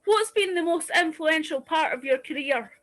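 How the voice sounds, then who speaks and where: A woman's voice: sits high, lively intonation, normal speed, a bit bright. A young woman from Scotland, an audience member asking a question on a video call, eager and a little shy.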